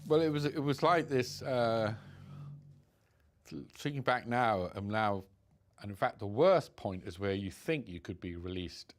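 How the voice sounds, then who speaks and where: A man recounting his time as a hostage in a halting, subdued way, full of restarts. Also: lively intonation. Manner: halting, many restarts, subdued and low-key. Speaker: interviewee recounting being held hostage. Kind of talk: reflective personal storytelling.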